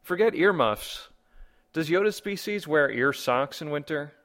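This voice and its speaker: A man's voice: on the high side, animated, unhurried, fairly bright tone. A man hosting a comedy podcast, reading listener comments and rambling through wry rhetorical questions. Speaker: podcast host.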